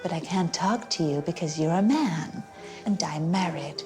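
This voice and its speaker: A woman's voice: fairly low pitch, moderate pace, music in the background, natural voice. A woman voicing a bored, coy married socialite who drawls and sometimes whispers.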